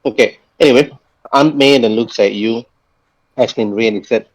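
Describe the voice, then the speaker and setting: A man's voice: mid-range voice, normal speed, no room sound. Man running an online tabletop game. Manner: relaxed, rambling narration with many restarts. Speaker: game master. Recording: dull lo-fi mic.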